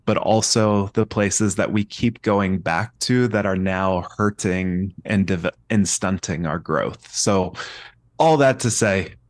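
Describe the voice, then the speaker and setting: A man's voice: lowish voice, no room sound. A man talking as a therapist guest on a podcast, reflective and searching, often restarting his sentences. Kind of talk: podcast conversation.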